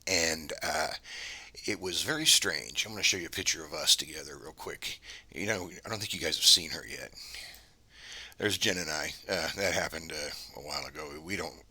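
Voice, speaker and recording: A man speaks in a low, husky voice with a sharp, edgy tone. He tells a story to camera in a casual, rambling way, doubling back and restarting his sentences as he goes. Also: normal speed. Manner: meandering, conversational, many restarts. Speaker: channel host.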